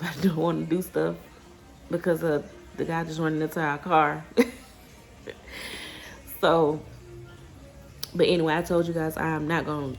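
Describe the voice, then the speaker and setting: Gravelly low-voiced woman chatting. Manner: rambling, restarting, fired up when ranting. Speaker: vlogger. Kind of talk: casual vlog chat. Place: outdoors then home.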